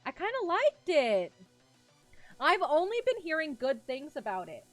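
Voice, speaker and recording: Giggly young woman streamer, high voice. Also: a little slow, no echo, soft background music. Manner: giggly, animated, rambling storyteller. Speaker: vtuber streamer. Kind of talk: casual chat with live chat, telling a story.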